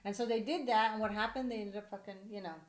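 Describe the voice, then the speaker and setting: A woman co-hosts a podcast in loose, casual chat. She talks bluntly, swears freely and trips over restarts and fillers, at a middling pitch. Her voice carries the echo of the room. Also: fairly even intonation, fast, over a noisy crowd. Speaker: podcast co-host. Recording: echoey room.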